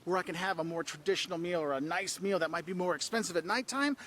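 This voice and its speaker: Man, brisk travel vlogger, high energetic delivery, faint street noise outdoors. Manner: energetic, emphatic, acts out tourists in quoted voices. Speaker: travel video host. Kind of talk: travel advice vlog.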